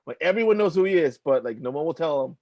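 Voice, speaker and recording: A young man talks fast and loosely in a casual podcast chat, his voice pitched a little high. He rambles, piles up fillers and swears now and then. The sound is dry and close with no room around it. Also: lively intonation, a little mellow, dry recording. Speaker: podcast co-host.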